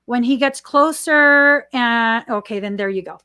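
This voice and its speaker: A woman hosting a spiritual podcast, speaking slowly and earnestly and repeating her warnings. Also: fairly high pitch, bright, forceful tone, clear, resonant tone, dry recording. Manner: slow, earnest and warning, with repetitions. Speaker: podcast host. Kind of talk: spiritual channeling chat.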